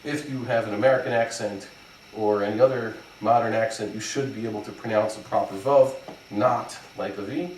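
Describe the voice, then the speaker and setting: A man teaching as a rabbi, explaining step by step in a plain mid-pitched voice with the odd filler. He sounds set back from the microphone in a roomy, echoing space. A faint hum of background noise sits under him. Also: fairly even intonation, fairly quick, a little mellow, far from the mic. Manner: methodical, spells out examples with frequent fillers. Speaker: rabbi teaching Hebrew pronunciation. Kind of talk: explanatory lesson. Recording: echoey room, voice from off the mic, faint background noise.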